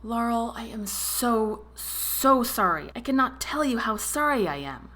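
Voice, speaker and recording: A man's voice: very high voice, big pitch swings, measured pace, pushed and bright, voice pushed up, heavily acted. Woman doing a shy young man, apologetic, solemn, hesitant, storybook reading. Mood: pleading.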